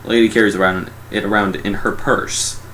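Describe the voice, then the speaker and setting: A man's voice: fairly low pitch, fairly even intonation, fairly quick, fairly bright tone, slight background noise. A sarcastic young man giving a casual, mocking movie review.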